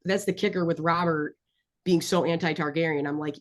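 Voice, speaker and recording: Lady on a podcast, kinda low voice, gushing and rambling about a show she loves. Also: steady tone, brisk, a little hiss or hum. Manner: enthusiastic, rambling fan talk. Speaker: podcast co-host. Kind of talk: casual chat.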